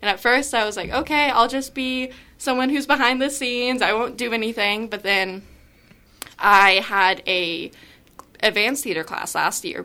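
A teenage girl, a high school theater student, chatting as an interview guest and gushing as she tells her story with acted-out quotes. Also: sharp tone. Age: teens. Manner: gushing, enthusiastic storyteller who acts out quotes. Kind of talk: casual interview chat.

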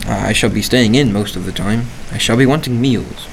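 Man plays a weary, pious lodger: formal and preachy, with sharp edges, mid-pitched, old radio drama style. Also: a little fast, a little hiss or hum, lightly acted. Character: pious, secretive male lodger, stern and weary. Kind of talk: 1940s radio acting.

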